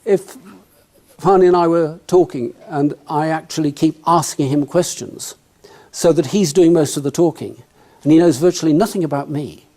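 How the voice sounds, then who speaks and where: A man's voice: fairly high pitch, moderate pace, warm tone. A man giving a humorous, conversational talk on networking to a live audience, speaking to them directly.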